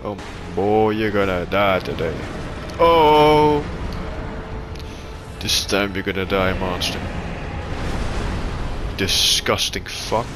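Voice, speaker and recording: A man giving profane gameplay commentary, taunting enemies and shouting in frustration. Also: low-pitched, expressive, slow, long pauses, over music. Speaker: gaming YouTuber.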